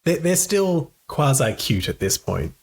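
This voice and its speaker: A man's voice: a little high, sing-song, a little slow, darkish tone, breathy edge. A man co-hosting a casual film-review podcast, chatty, laughing often and restarting his sentences. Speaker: podcast co-host.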